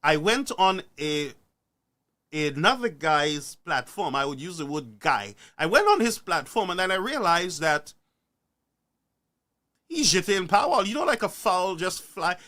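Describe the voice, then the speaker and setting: Male streamer, preachy live rant, lively swooping pitch, slightly high voice. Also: a little slow. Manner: animated, preachy, rhetorical questions. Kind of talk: ranting live-stream commentary.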